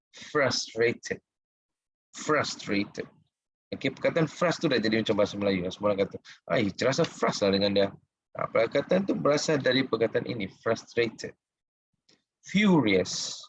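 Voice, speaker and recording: Malaysian man drilling vocabulary, husky voice. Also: fairly low pitch, expressive, moderate pace, no room sound, highs cut off. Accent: Malaysian English. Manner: drills words and asks listeners to repeat; mixes English and Malay mid-sentence. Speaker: English vocabulary coach. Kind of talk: bilingual vocabulary lesson.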